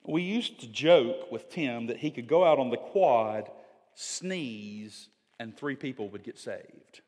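A middle-aged pastor preaching a sermon, swinging from loud emphatic lines to hushed, near-whispered storytelling. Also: male voice, medium pitch, animated, slow pace, long reverb tail.

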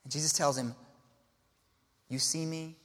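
A man preaching a sermon as pastor, expressive, dropping to a hush and then rising to exclaim. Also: on the high side, a little slow. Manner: expressive, swinging between hushed and exclaiming. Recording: long reverb of a large hall.

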